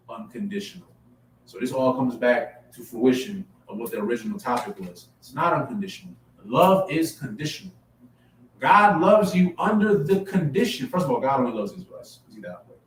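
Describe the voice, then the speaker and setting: A man preaching a sermon in a plain, emphatic style, repeating phrases and building to forceful peaks. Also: mid-range voice, animated, fairly quick. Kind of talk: street-style sermon to a camera audience. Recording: echoey room, mic at a distance, faint background hum.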